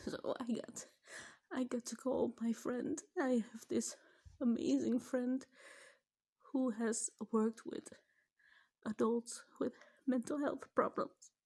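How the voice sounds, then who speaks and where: Her voice sits on the high side, dark in tone with a breathy edge, and she speaks slowly with long pauses and fairly even intonation. She's a middle-aged mother making a personal vlog, tearful and nearly crying, her voice breaking and at times falling to a whisper.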